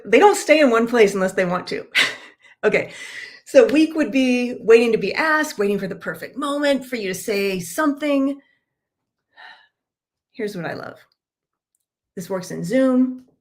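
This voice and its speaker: Energetic woman coaching a live stream. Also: fairly high pitch. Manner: energetic, expressive, acts out example phrases with laughter. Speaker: workshop leader and trainer. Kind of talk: livestreamed coaching talk. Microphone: computer mic on a live stream.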